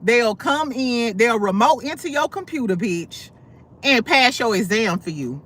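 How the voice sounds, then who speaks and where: A woman hosts a casual gossip livestream, swearing freely and stacking side stories. Her voice is bright and sits a little high. It swings up and down as she talks. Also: lively intonation, a little slow. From St. Louis. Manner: sassy, blunt, profane storytelling with many asides. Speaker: livestream host.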